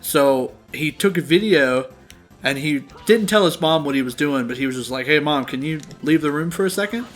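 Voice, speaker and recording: A man's voice: fairly high pitch, animated, moderate pace, a bit bright, soft background music. A young man co-hosting a game playthrough, telling a story casually with lots of swearing and laughter. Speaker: let's play co-host. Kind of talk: casual gaming chat.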